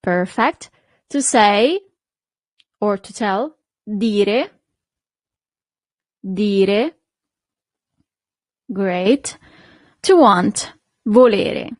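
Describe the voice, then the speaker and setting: A woman's voice: medium pitch, expressive, drawn-out words, pauses often, no room sound. A woman teaching a language lesson, patiently repeating each word and checking in with the listener. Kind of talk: slow, clear language lesson.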